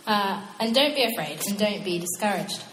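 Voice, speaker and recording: A young woman preaching a casual, animated sermon, chatty and quick to laugh at her own asides. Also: mid-range voice, very noisy. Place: church hall. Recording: echoey hall with long reverb.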